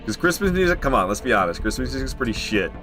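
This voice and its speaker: Lively bright-voiced male game streamer. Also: mid-range voice, rapid-fire, soft background music. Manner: rambling, joking, swears freely. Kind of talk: casual gaming commentary.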